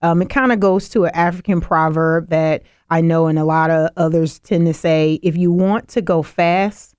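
A woman's voice: lowish voice, fairly even intonation, normal speed, a little mellow, clear, resonant tone, no room sound, studio quality. A middle-aged woman with a light Southern US twang, talking about her faith as a podcast guest in an earnest storytelling manner. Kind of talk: casual faith conversation.

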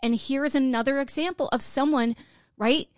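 A woman's voice: sits high, fairly even intonation, moderate pace, dry recording, studio quality. Exasperated woman co-hosting a podcast. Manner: indignant, exasperated, many restarts. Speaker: podcast co-host. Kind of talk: casual conversational podcast.

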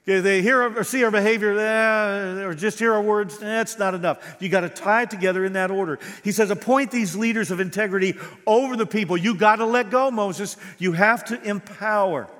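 Animated male pastor preaching. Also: sits high, fairly quick, hardly any pauses, long reverb tail. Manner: animated, acts out quoted voices. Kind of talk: sermon.

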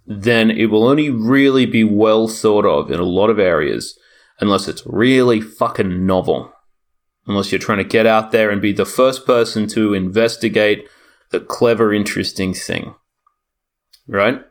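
A man's voice: fairly low pitch, normal speed. A man co-hosting a casual chat, rambling and sardonic, swearing freely.

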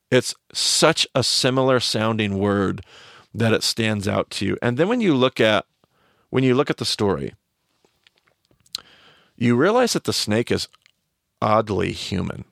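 A man's voice: fairly low pitch, expressive, measured pace, gravelly, pauses often, a bit bright, no room sound, studio quality. A man teaching on a podcast, explaining a story and quizzing his cohost with questions.

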